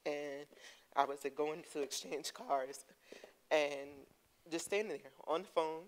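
A woman giving a heartfelt personal testimony to her church, earnest and quick to laugh. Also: low-pitched, low-quality recording. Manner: earnest, laughing, breaks into excited storytelling. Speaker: congregation member giving testimony. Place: church sanctuary.

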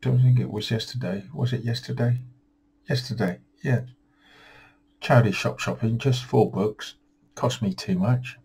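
A man's voice: mid-range voice, fairly even intonation, unhurried, gravelly, darkish tone, a little hiss or hum, low-quality recording. A tired man rambling through a home vlog, weary and self-deprecating, grumbling at himself. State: tired, yawning. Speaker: vlogger.

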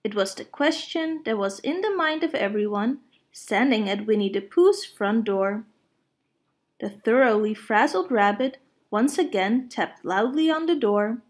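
A woman reading a children's picture book aloud, gentle and expressive. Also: fairly high pitch. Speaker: storyteller.

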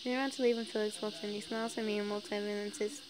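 A woman's voice: mid-range voice, flat delivery, rapid-fire, a crowd in the background, poor audio. A woman casually reading fan fiction aloud, chatty and giggly, breaking off for side comments.

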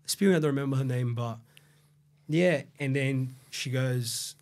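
A man with an Australian accent, raised there after a Brazilian childhood, tells his story as a podcast guest. He rambles, swears freely and leans on fillers, in a voice of ordinary middle pitch. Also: measured pace, a little mellow. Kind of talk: casual storytelling interview.

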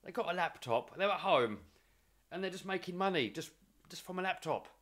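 A young man talks straight to camera in a casual, earnest way, piling up repeated words as his drive builds. His voice sits a little higher than most men's. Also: lively intonation, a little fast, a bit bright. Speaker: vlogger. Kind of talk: casual motivational storytelling.

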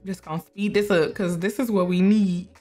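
A woman's voice: mid-range voice, fairly even intonation, normal speed, darkish tone. A young woman keeps up a chatty commentary as she plays, coaxing her characters along and laughing easily. Her voice sits in a middle range, with light game music faintly under it. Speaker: gameplay streamer. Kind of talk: casual gameplay commentary.

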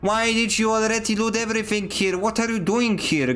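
A man's voice: sits high, steady tone, moderate pace, fairly bright tone, faint music behind. Playful man streaming games. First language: Polish. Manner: playful, mock-dramatic teasing. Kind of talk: casual gameplay streaming.

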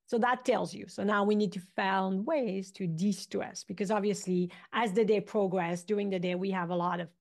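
A woman in her fifties, an acupuncturist guest, chatting casually and telling animated stories in which she acts out what people said. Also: medium pitch, normal speed, gravelly, few pauses. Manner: animated storyteller, acts out quotes. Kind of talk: casual interview chat.

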